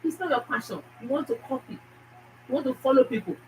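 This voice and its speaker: A woman's voice: high voice, animated, quick pace, a little mellow. A woman, a food YouTuber, giving earnest casual advice and repeating her key points. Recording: distant mic with faint noise.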